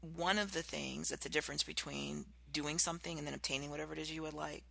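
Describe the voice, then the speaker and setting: A podcast host giving an animated motivational talk, acting out contrasting example voices. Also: mid-range voice, quick pace, vocal fry, no room sound.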